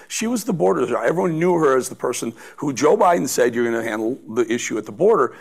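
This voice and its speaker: A man's voice: medium pitch, vocal fry. A man giving political commentary as a guest, emphatic, with stammering restarts.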